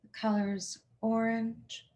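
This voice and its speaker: Her voice is a little high and slightly mellow, delivered flatly, as she leads a guided chakra healing meditation. Slow and soothing, she speaks affirming lines and asks listeners to repeat after her.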